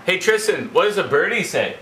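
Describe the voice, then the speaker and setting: A man's voice: high voice, sing-song, brisk, sharp tone, roomy sound. A man quizzing a toddler on animal sounds in a home video, making the sounds himself. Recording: very noisy home video recording.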